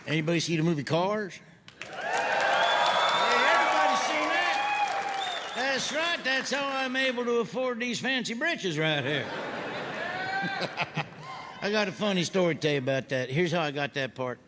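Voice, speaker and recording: A man's voice: sits high, lively intonation, normal speed, a loud crowd, heavy background noise. Man doing stand-up comedy. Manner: loud, folksy storytelling with mimicked voices. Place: stage before a live audience. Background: audience laughter.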